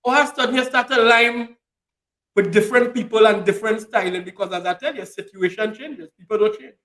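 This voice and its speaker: A man's voice: high voice, fairly quick, a bit bright. A man, hosting a casual chat and holding forth with lots of repetition. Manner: preachy, repeats phrases for emphasis. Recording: echoey room.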